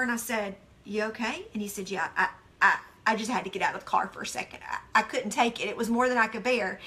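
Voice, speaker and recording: High, bright-voiced chatty woman. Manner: chatty and expressive, with many "like"s and restarts. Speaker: devotional teacher. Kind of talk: casual devotional teaching.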